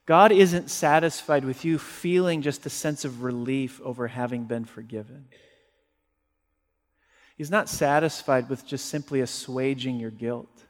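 A male pastor preaching a sermon, emphatic, swinging between forceful peaks and quiet low passages. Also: big-room sound.

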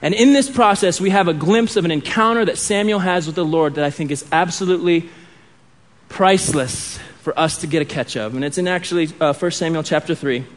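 A man with a notably high voice preaching a sermon. He speaks expressively and drops to a hushed tone on key points. He acts out the dialogue when he reads scripture. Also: brisk. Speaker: pastor.

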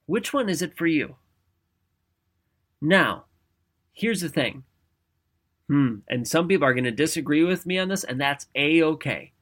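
Upbeat bright-voiced motivational man. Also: fairly high pitch, measured pace, long pauses. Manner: energetic, conversational, often asks "right?". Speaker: motivational speaker. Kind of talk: motivational talk to camera.

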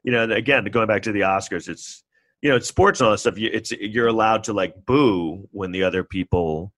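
A man in his forties with a New York accent talks through a loose, rambling podcast monologue, poking fun at himself. His voice sits low, and the sound is dry and close with no room around it. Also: brisk, fairly bright tone, no echo. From New York City. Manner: rambling, self-deprecating, acts out others in mocking high voices. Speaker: podcast host. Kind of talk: casual solo monologue.

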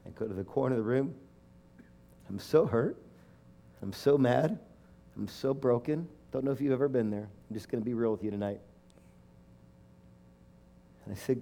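A middle-aged male preacher delivering a heartfelt sermon. His voice is warm and mellow, and his pitch sits mid-range. He speaks with emotional emphasis and builds to fervent declarations. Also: moderate pace, vocal fry, long pauses. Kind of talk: sermon with personal story.

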